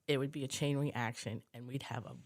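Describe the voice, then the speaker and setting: A woman's voice: a bass voice, steady tone, a little fast. A woman being interviewed, reflectively recounting memories and acting out the remembered dialogue, with many fillers. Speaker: interview guest, widow of a fire chief. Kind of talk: personal storytelling interview.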